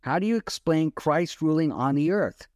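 A man co-hosting a Bible-teaching podcast, animated and firing off rhetorical questions. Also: fairly high pitch, normal speed, no room sound, clean studio sound. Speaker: podcast co-host.

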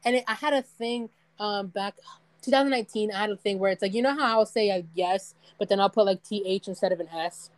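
A woman's voice: medium pitch, quick pace, dry recording, rough recording. A young woman in casual chat, rambling and laughing often as she tells stories.

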